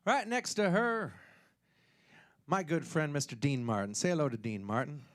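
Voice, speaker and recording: A man hosting a live showroom music show, joking with the crowd in comic patter and swooping up in pitch on punchlines. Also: lively intonation, normal speed, a little hiss or hum. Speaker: show host and singer.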